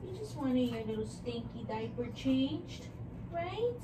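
A woman's voice: high-pitched, sing-song, slow pace, distant mic. A woman filming a home vlog, talking to her baby in soothing, coaxing, sing-song baby talk. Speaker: mother. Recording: echoey room with background noise.

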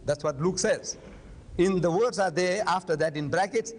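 Older guy lecturing, high voice, pushy, hammers rhetorical questions, long hall echo. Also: normal speed. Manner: forceful, argumentative, rhetorical questions. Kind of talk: public lecture debate. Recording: long hall reverb, faint noise.

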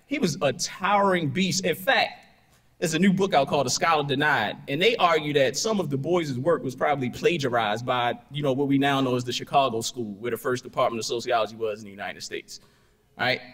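This keynote speaker's voice is mid-range and fairly bright, and he moves at a fairly quick clip. Addressing a conference in a reverberant hall, he keeps things conversational, leaning on "right?" and "you know" nonstop and spinning stories with punchy asides and rhetorical questions.

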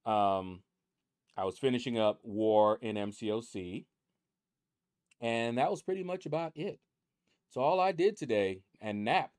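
A man's voice: medium pitch, unhurried, pauses often, a little mellow, no room sound, clean studio sound. A man hosting his mobile game channel, chatting in a rambling, easygoing way from a room at home. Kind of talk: casual chat over game leaderboards.

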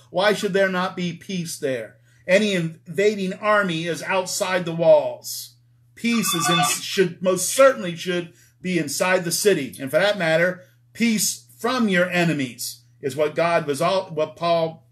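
A man's voice: high-pitched, a little slow, fairly bright tone. A man preaching a Bible study in a church, emphatic, repeating key words and checking in with his listeners.

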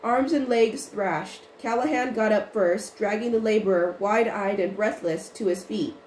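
This audiobook reader is a woman with a medium-pitched voice who works through a storybook chapter at an even, unhurried pace. She makes small restarts, and the room adds some space and faint noise.

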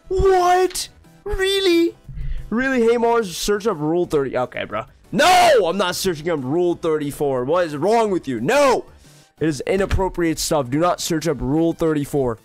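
A high-voiced male streamer reacting excitably to chat during a live game stream, heavy on "bro" and "yo". His voice sounds close and dry, with faint game music underneath. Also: clear, resonant tone, no room sound. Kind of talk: live gameplay stream, reading chat aloud.

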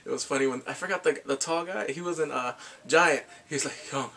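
A man casually recapping a TV drama with animated, laughing storytelling. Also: fairly high pitch, a little fast. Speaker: drama reviewer.

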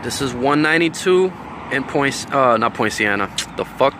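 A man telling a story in a casual, profane, animated vlog, talking outdoors with faint traffic behind him. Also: mid-range voice, moderate pace. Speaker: vlogger.

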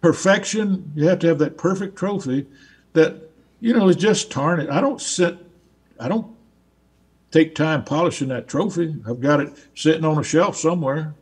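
A man with a Southern US accent talks in a husky, somewhat high voice. He tells stories loosely, circling back and repeating words as he restarts his sentences. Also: normal speed, darkish tone. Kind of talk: casual storytelling conversation.

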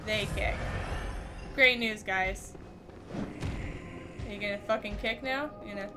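A young woman giving casual, profane let's-play commentary, reacting loudly and laughing at the game. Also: medium pitch, slow pace, long pauses, over music. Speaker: gaming streamer.

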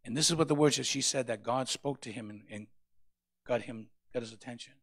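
A male pastor preaching a sermon, with passionate rises to loud peaks. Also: mid-range voice, a little fast, no room sound.

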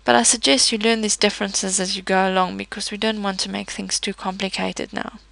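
A woman teaching a pronunciation lesson, explaining patiently with pauses, fillers and small self-corrections. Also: mid-range voice, level tone, creaky, fairly bright tone, dry recording, low-quality recording. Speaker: French teacher.

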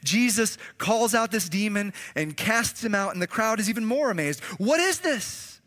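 A male pastor preaching with a high, lively pitch. His voice is bright and forward, and he talks to the congregation conversationally, sinking low and soft to stress key phrases. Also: moderate pace. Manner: conversational preaching with audience call-and-response. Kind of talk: sermon.

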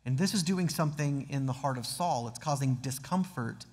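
A man's voice: medium pitch, moderate pace, darkish tone. Man preaching in a reverberant church. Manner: earnest, with dramatic read-aloud of scripture. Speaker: pastor. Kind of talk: sermon. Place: church sanctuary.

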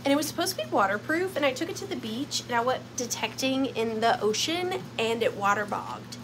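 A young woman runs a casual home sale of vintage finds. Her voice sits high and bounces all over the place, bubbly and playful. A faint hiss of room noise lies underneath. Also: lively intonation, a little fast. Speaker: online vintage seller. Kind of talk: casual live sale chat.

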